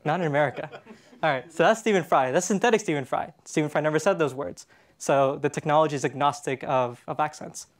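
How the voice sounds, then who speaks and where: A man's voice: fairly high pitch, a little fast. Chatty Canadian man giving a conference talk. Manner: casual, chatty, with frequent fillers and restarts. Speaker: conference speaker. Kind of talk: conference presentation. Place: conference stage in a hall.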